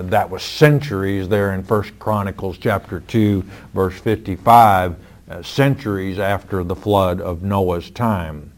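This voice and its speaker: Slow, low-voiced male Bible teacher. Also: darkish tone. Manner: slow, measured, firm and plain-spoken. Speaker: Bible teacher answering listener questions. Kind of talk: radio Bible question-and-answer.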